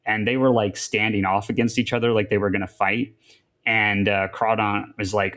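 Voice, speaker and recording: A man talks through a game review on a podcast in a fairly low voice. He rambles, circling back with fillers and restarts. The chat stays loose and casual. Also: little pitch movement, a little fast, fairly bright tone.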